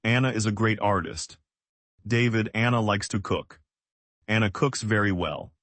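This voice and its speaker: A man from the United States, teaching English in slow, simple, evenly paced sentences. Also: on the low side, fairly bright tone, no room sound. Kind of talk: slow scripted lesson.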